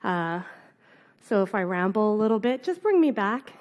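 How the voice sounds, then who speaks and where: A woman's voice: mid-range voice, big pitch swings, normal speed, a little mellow. A young adult woman from Canada with a cold, giving a casual, rambling conference talk full of fillers. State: has a cold, on cold medicine. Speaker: conference speaker. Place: conference hall.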